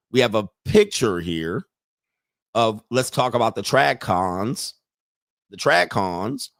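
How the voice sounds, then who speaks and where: A man's voice: on the low side, vocal fry, fairly bright tone, no echo, studio quality. A man hosting a reaction commentary, brash and mocking, with loose slang. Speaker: commentary host.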